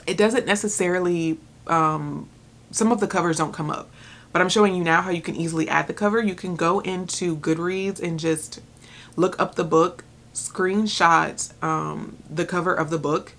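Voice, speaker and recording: A woman in her thirties vlogging about books at home in a chatty, excitable way, full of filler words. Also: lowish voice, gravelly. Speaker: book vlogger. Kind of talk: casual chat.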